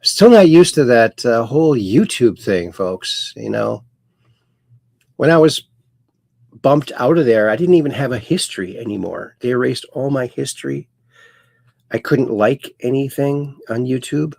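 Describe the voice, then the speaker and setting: A man's voice: mid-range voice, lively intonation, unhurried, vocal fry, a little mellow, no echo. A man hosting a casual livestream, reading viewers' chat messages aloud in a folksy, playful sing-song way. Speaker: host.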